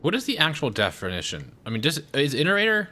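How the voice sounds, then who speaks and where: A man's voice: fairly high pitch, huge pitch swings, fast, bright, forceful tone. A man playing a game on stream, chatting casually, asking questions and stumbling over restarts. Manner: questioning, playful, stammers on restarts. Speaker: player, co-host.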